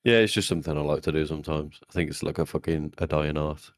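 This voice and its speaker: A man's voice: rumbling low, steady tone, fast talker, dry recording, studio quality. A man co-hosting a podcast, chatting in a laid-back way with casual swearing. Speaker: podcast co-host. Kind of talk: casual chat.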